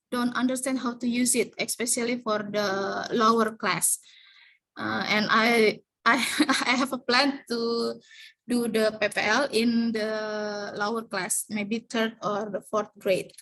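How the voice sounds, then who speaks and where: A woman, an elementary English teacher, presenting her plans in an online class in a hesitant, halting way. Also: on the high side, a bit bright, rough recording. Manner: hesitant, halting, many fillers. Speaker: elementary school English teacher, student in training course.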